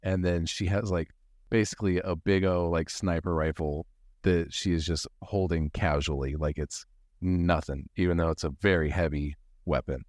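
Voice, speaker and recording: Low-voiced man playing a game. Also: steady tone, normal speed, darkish tone, dry recording, studio quality. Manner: casual, swearing, joking in character. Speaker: player. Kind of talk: improvised tabletop role-play.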